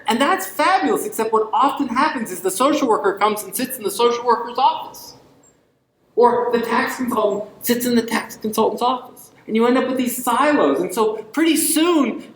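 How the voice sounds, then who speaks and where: Recorded in an echoey lecture hall, a man with a very high, fairly bright voice gives an invited public lecture at a university. He speaks emphatically and leans on rhetorical questions and ironic asides.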